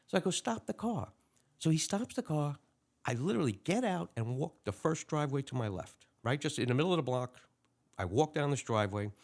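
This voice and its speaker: A man's voice: fairly high pitch, brisk. A man, a retired police lieutenant telling a story in an interview and acting out the dialogue in a raised voice. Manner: animated, acts out dialogue in a raised voice.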